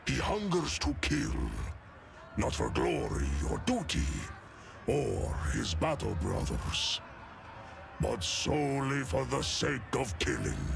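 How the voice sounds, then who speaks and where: A towering space-wolf warrior in a video game, his voice gravelly and booming. He tells his tales slowly and grandly, and his pitch rises and falls dramatically. Loud game music plays under his lines. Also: huge pitch swings, heavily acted. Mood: grim. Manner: slow, dramatic storytelling delivery with some shouted lines. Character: giant gruff male space-wolf warrior, proud.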